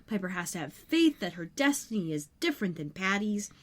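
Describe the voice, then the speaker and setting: A woman co-hosting a podcast, chatting casually as she recaps scenes of a TV episode with quick asides. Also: mid-range voice, big pitch swings. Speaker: podcast co-host.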